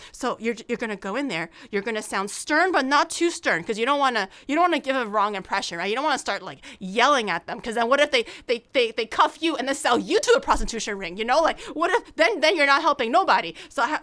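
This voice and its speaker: A woman's voice: on the high side, expressive, fast talker, hardly any pauses, pushed and bright. A young woman streaming as a VTuber, telling a story in casual chat, acting out quotes with big jumps in her voice, swearing and laughing often.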